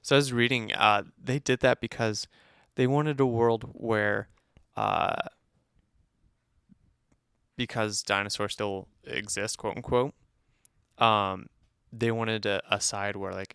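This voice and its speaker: Man, podcast co-host, gravelly voice, teasing and playful, dry close sound. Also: on the low side, fairly even intonation, fairly bright tone, no echo. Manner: playful, teasing, quick to laugh. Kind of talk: casual chat, movie review.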